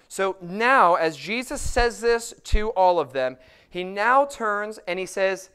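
Smooth-voiced man preaching a sermon. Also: high-pitched, expressive, sharp tone. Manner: preaching with emphatic, slowed scripture quotes. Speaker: pastor.

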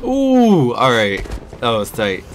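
A man giving excitable live commentary while playing a video game, trash-talking and whooping at the action. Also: mid-range voice, slow, noisy background. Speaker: gaming YouTuber. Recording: game music playing behind.

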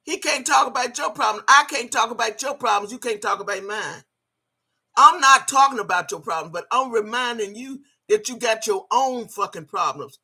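An older woman delivers a heated rant straight at someone she disapproves of. Her voice is sharp and forceful, and she curses freely and repeats phrases over and over to drive her points home. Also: a little high, normal speed, husky. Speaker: video blogger. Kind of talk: ranting commentary.

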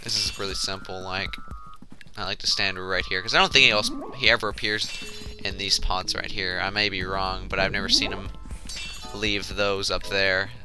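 A man's voice: deep voice, level tone, normal speed, music in the background. A young man giving casual let's play commentary with chatty, mumbled asides.

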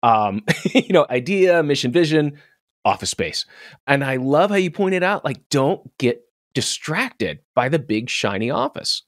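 A male podcast host with a lively, up-and-down voice, chatting with enthusiasm and laughing easily. The sound is dry and close, with no room around it. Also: medium pitch, measured pace, no room sound. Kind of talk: casual interview chat.

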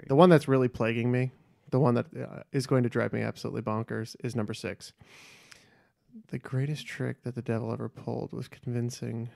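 A man's voice: medium pitch, little pitch movement, fairly quick, gravelly, darkish tone, no echo, studio quality. A man in a podcast trivia game, thinking his answers through aloud. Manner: deliberating aloud. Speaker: quiz contestant. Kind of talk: casual podcast talk.

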